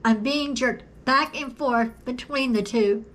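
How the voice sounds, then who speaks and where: A woman telling her own story to her viewers in an earnest, deliberate way, repeating phrases for emphasis and coughing now and then. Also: high voice, a bit bright. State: coughing at times. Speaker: video creator sharing a personal story. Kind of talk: personal testimony to camera.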